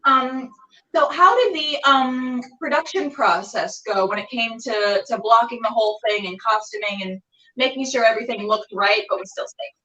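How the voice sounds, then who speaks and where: A woman's voice: a little high, normal speed, bright, forceful tone. A woman hosting a casual interview over a video call, bubbly and exclamatory with loose fillers. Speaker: podcast host. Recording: roomy, distant, dull video-call audio.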